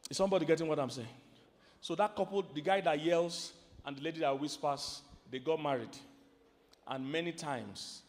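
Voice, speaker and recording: A man with a Nigerian accent preaching a sermon to a live audience, animated and quizzing the crowd. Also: on the high side, normal speed. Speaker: pastor and relationship teacher. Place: large hall with a live audience. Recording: long hall reverb.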